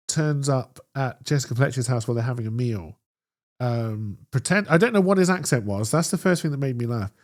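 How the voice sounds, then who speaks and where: A man co-hosting a podcast, chatting casually and enthusiastically about a TV episode. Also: mid-range voice. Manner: enthusiastic, animated storytelling. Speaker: podcast co-host. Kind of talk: casual chat.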